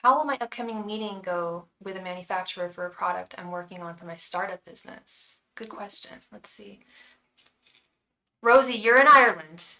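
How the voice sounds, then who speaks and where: An American woman giving a live tarot reading who chats warmly with viewers and chants repeated invocations to her guides. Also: medium pitch, moderate pace, recorded from a distance, rough recording. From United States. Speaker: tarot reader and psychic.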